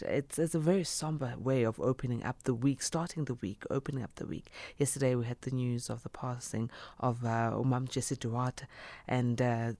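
A man hosts a radio show at a middling pitch, earnest and reflective, pausing on fillers as he goes. His voice is close and dry, with no room around it. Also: a little mellow, no echo. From South Africa. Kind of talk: casual radio show talk.

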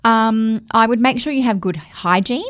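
A woman's voice: fairly high pitch, moderate pace. A woman co-hosting a podcast in casual chat, explaining beauty products in a matter-of-fact way. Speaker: podcast co-host.

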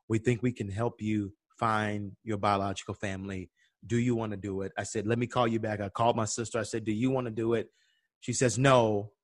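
A man's voice: medium pitch, no room sound. Dry-sounding man telling a story. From Atlanta, USA. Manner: animated storyteller, acts out quoted voices. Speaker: guest. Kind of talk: personal storytelling in conversation.

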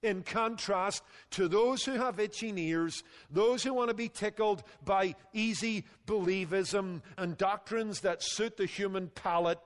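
Man preaching, high voice, emphatic, long hall reverb. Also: measured pace, few pauses. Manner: emphatic preaching, drops low and quiet on key phrases. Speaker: pastor. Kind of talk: sermon.

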